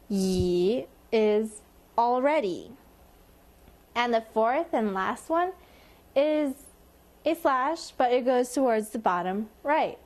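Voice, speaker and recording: A woman's voice: fairly high pitch, a little mellow. A woman teaching a language lesson, patiently explaining and modeling tones by sliding her voice up and down.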